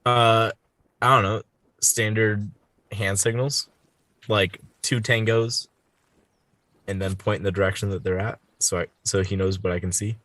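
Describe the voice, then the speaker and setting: A man's voice: fairly low pitch, steady tone, unhurried, long pauses, fairly bright tone, no room sound. A man playing a tabletop game, talking in a casual, laid-back way. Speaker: player.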